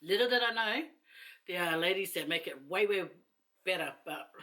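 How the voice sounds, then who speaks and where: A woman's voice: lowish voice, lively intonation, normal speed, pushed and bright. A woman chatting casually to camera while eating, rambling and laughing between asides. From New Zealand. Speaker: mukbang vlogger.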